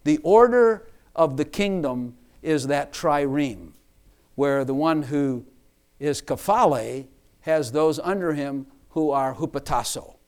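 A man's voice: a little high, takes it slowly, clean tone. A man preaching a sermon to his church, emphatic, repeating and rephrasing lines for stress.

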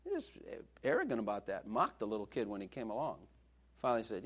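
A man's voice: mid-range voice, sing-song, brisk, slightly rough. A male preacher giving a sermon in a joking, conversational way, laughing often.

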